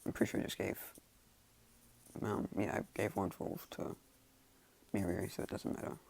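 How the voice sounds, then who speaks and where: A man with a low, deeply gravelly voice rambles casually through a made-up story. His tone is dark and husky, and the dry sound sits close and plain. He keeps stopping and restarting, padding it all with "like" and "you know.". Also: level tone, moderate pace. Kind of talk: casual storytelling of fan fiction ideas.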